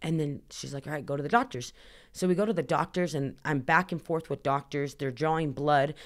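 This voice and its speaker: Woman, 30s, deep voice for a woman, podcast guest, candid storytelling, chatty filler-heavy delivery. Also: brisk. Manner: chatty, heavy use of "like", acts out dialogue.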